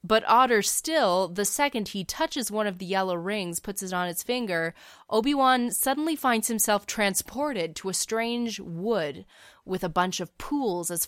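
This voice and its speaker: A woman's voice: medium pitch, animated, normal speed, a bit bright, no room sound, clean studio sound. A woman casually narrating a fan story in a chatty, wry way, with the odd filler.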